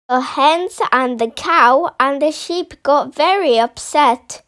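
Brief: woman storyteller, high voice, unhurried, rhythmic picture-book read-aloud. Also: a bit bright.

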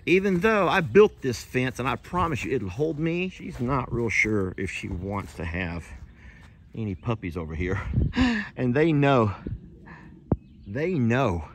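A man, a ranch vlogger chatting folksily to the camera outdoors in a hot pasture, sometimes hushing and sometimes cooing at his animals. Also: mid-range voice, sing-song, measured pace, a little hiss or hum. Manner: chatty and folksy, shifts between loud and hushed, coos at animals. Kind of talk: casual vlog talk to camera.

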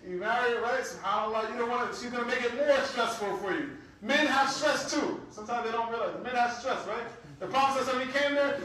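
High-voiced imam in an echoing room. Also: male voice, normal speed, pauses often, sharp tone. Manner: conversational, keeps checking in with "right?". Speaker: imam teaching a class. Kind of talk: religious class lecture. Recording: very echoey room, mic far off.

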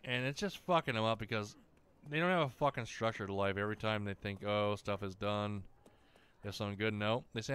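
A man's voice: on the low side, fairly quick, a bit bright, clean tone. Profane rambling man venting. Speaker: gaming streamer. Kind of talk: casual chat over gameplay.

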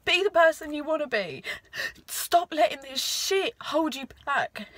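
A young woman recording an emotional video diary, halting and tearful as she talks herself through a hard moment. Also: high voice, sing-song, fairly bright tone, no echo. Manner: tearful, halting self-talk. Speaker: vlogger.

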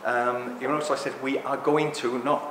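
A middle-aged man giving an impassioned talk to a live audience, excitable and ranting, acting out other people's voices as he goes. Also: medium pitch, moderate pace, a little hiss or hum. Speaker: speaker at a talk. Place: indoor talk venue. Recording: echoey hall with faint ambience.

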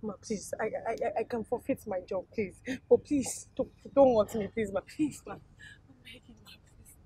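A woman's voice: fairly high pitch, steady tone, brisk, dark tone, breathy edge, no echo, far from the mic, rough recording. An actress with a Nigerian accent playing a frightened young cleaner who stammers as she begs. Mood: pleading. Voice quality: pleading, stammering. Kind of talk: Nollywood film acting.

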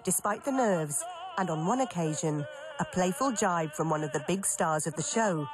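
A woman reads scripted documentary narration in a measured, even manner. Her voice sits somewhat low. Clear music plays beneath her.

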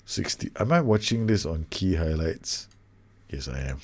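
A low, gravelly-voiced man talks through a football management game as he plays it. He is loud and exasperated about his side. His voice has a rough creak, and he swings from muttering to outbursts. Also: measured pace, no room sound. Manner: animated, exasperated, groans at his own team. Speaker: gaming YouTuber. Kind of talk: game commentary.

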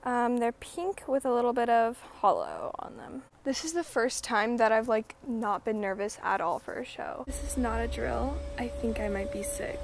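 A bubbly, chatty teenage girl talks straight to her camera in a casual vlog. Her voice sits high and bright, and steady noise hums behind her throughout. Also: moderate pace, vocal fry, few pauses. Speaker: vlogger. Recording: noisy background.

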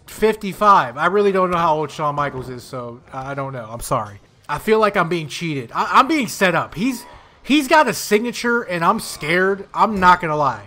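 A young man talking over a wrestling video game he is playing, mixing loud trash talk and outbursts with mumbled asides. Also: high voice. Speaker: gaming YouTuber.

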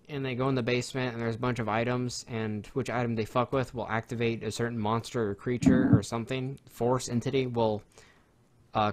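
A young man co-hosting a podcast, talking in a rambling, excitable way with lots of fillers and swearing. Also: medium pitch. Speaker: podcast co-host. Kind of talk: casual chat.

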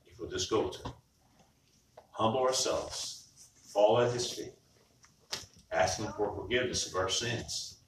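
A man with a somewhat low voice preaches in a plain, conversational way, stumbling over and repeating words as he goes. He sounds a little distant from the mic, and the church around him rings with a heavy echo. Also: a little slow, long pauses, a little hiss or hum. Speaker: pastor. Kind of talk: sermon. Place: church sanctuary. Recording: far-off mic in echoey church.

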